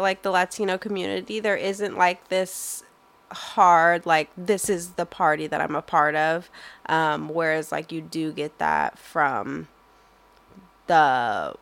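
A woman's voice: fairly low pitch, steady tone, unhurried, fairly bright tone. A young woman answering interview questions in a thoughtful, hesitant way, full of fillers and restarts.

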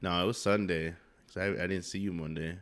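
A man in his thirties co-hosting a casual podcast, loud and teasing as he jokes with his nephew. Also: sits low, fairly even intonation, a little fast. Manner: teasing, joking, talks loud. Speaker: podcast co-host. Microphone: headset mic.

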